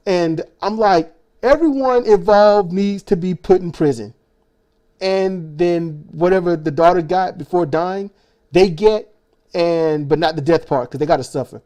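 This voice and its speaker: Male host, angry sarcastic rant, profane, mellow slightly high voice. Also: unhurried. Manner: angry, profane, sarcastic ranting with stumbling restarts. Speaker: reaction video host. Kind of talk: ranting commentary.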